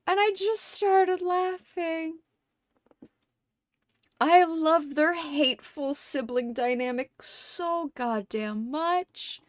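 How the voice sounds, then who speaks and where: A woman hosting a livestream in casual chat, rambling and excitable, and swearing often. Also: high-pitched, no room sound, clean studio sound. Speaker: livestream host. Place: home streaming setup.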